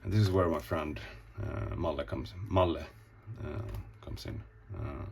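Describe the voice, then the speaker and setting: A man's voice: very deep voice, a little slow, creaky, a little mellow, a little hiss or hum. A man casually showing off his comic pages, rambling, swearing often and acting out the scenes as he goes. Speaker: comic artist. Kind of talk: casual show-and-tell.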